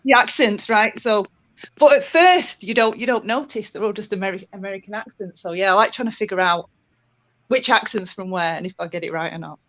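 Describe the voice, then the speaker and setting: A woman's voice: medium pitch, brisk, fairly bright tone. Northern English woman, muffled audio. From Northern England. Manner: chatty, laughs often. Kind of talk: casual chat. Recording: dull lo-fi audio.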